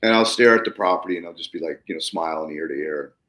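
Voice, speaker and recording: A man's voice: low-pitched, fast. A middle-aged man hosting a podcast, telling farm stories casually and acting out the people he quotes. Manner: animated anecdote-telling, acts out the people he quotes. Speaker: podcast host. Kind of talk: casual storytelling chat.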